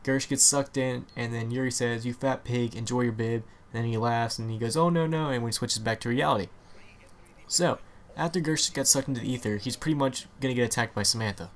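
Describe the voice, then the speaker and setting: A man's voice: mid-range voice, brisk. A young man giving casual, rambling commentary on video game lore from home. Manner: rambling, hedging, with frequent "pretty much" fillers.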